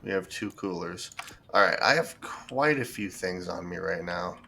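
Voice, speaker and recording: A man streaming a building game, thinking aloud in relaxed commentary as he sorts items and plans what to build. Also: low-pitched, normal speed, gravelly. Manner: thinks aloud, with fillers and restarts. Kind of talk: casual gameplay commentary.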